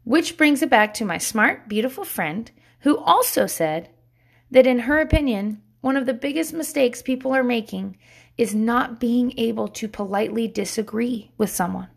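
A woman in her thirties with young kids shares parenting reflections in a casual, candid monologue, blunt, swearing freely and laughing often. Her gravelly voice sits on the high side, with lively intonation and a normal speed.

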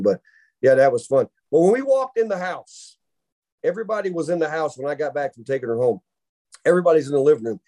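A man, co-hosting a podcast and telling a long funny story in a casual, animated way, often laughing. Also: a little high. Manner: animated storyteller who laughs through his own tale. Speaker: podcast co-host.

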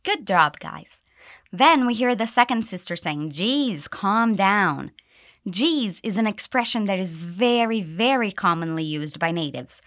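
A woman teaching English pronunciation, reading dialogue lines and slowly modelling phrases for learners to repeat. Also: mid-range voice, expressive, fairly bright tone, dry recording, studio quality. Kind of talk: pronunciation lesson with repeat drills.

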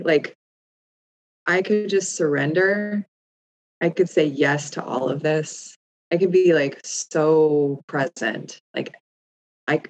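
A woman's voice: low-pitched, poor audio. A woman in her thirties, co-hosting a podcast, talking candidly and reflectively with lots of "like" fillers. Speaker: podcast co-host. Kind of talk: casual chat.

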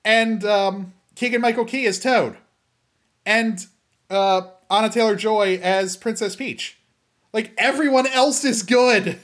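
A young man from the US hosting a casual solo show, rambling and animated, with many fillers and restarts. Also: high voice, takes it slowly. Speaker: podcast host.

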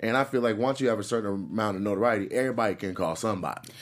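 A man co-hosting a casual entertainment news chat, relaxed, reading out headlines and adding side comments. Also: fairly low pitch, racing.

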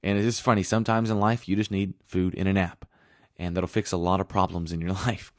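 A man's voice: sits low, little pitch movement, fairly quick, no echo, studio quality. A man preaching a sermon in an earnest, conversational way, reading scripture aloud as he goes.

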